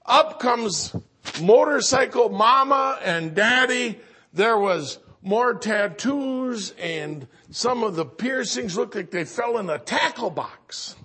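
Husky high-voiced pastor preaching slow, goes from loud to real quiet and earnest. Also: male voice, expressive. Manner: storytelling preacher, swinging from loud exclamation to hushed earnestness. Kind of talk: sermon.

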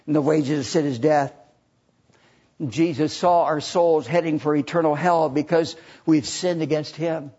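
Older guy preaching, husky high voice, earnest storytelling, dull lo-fi sound. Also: unhurried. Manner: earnest storytelling, rising to excited emphasis. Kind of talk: sermon with illustrated story. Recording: dull lo-fi recording.

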